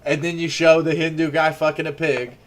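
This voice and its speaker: Young man, a bit high-voiced, rambling casual storyteller with lots of "like". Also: little pitch movement, a little fast. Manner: rambling storyteller, heavy filler words and swearing. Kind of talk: casual chat.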